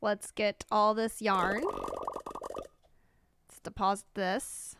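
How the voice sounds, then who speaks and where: A young American woman chatting excitedly while livestreaming a game, reading out chat and reacting with bubbly exclamations. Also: mid-range voice, slow, background noise. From United States. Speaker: streamer. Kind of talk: live game commentary.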